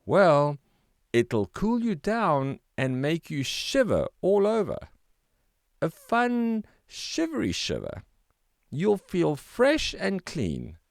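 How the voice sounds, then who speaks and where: A man's voice: a little high, huge pitch swings, takes it slowly, vocal fry, no room sound, clean studio sound, pitched above the performer's own voice, full character voice. A man voicing a laid-back, chatty silver fish in a children's storybook. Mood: breezy. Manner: breezy and coaxing.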